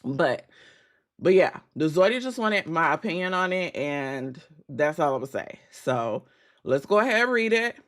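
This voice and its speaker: A woman's voice: fairly low pitch, big pitch swings, moderate pace. Blunt, profane woman streaming at dawn. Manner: blunt, profane, chatty with viewers. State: voice cracking, just woke up. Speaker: livestream host. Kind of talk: casual livestream chat.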